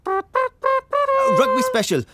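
A man's voice: very high voice, huge pitch swings, unhurried, over loud music, heavily acted. An actor playing a stiffly formal male delivery driver with very proper diction. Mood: prim.

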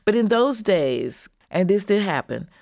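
An older woman from Chicago with an American Southern accent, chatting as a guest with a warm, smooth voice. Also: medium pitch, big pitch swings, unhurried, dry recording, clean studio sound. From Chicago, United States. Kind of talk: interview, casual chat.

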